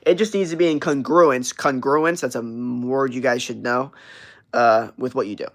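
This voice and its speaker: On his livestream, a young host reads live chat messages and answers them at a normal speed, his medium-pitched voice holding a steady tone. The chat is casual, brash and profane, wandering with many fillers and restarts.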